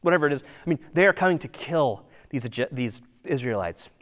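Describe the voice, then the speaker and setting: A man's voice: medium pitch, lively intonation, fairly quick, a bit bright. A man preaching a sermon in a conversational way, full of rhetorical questions and sometimes dropping to a near-whisper for emphasis. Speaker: pastor.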